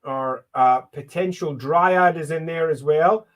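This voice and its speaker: A Scottish man with a noticeably high-pitched voice chats casually on a livestream. He thinks aloud as he goes, hesitating with frequent ums and pausing to welcome viewers by name. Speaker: livestream host. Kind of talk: casual livestream chat while mapping.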